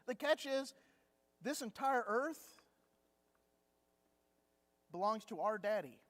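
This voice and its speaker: A man's voice: high-pitched, lively intonation, slow pace, a bit bright. A man teaching a conversational Bible class, telling anecdotes with humor in a chatty storytelling way. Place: church classroom. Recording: long hall reverb.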